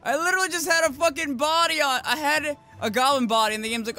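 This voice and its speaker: A man hosting a let's-play, excitable and foul-mouthed, yelling at the game as he plays. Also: extremely high pitch, quick pace. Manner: excitable, swears a lot, yells at the game. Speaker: gaming channel host. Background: game music.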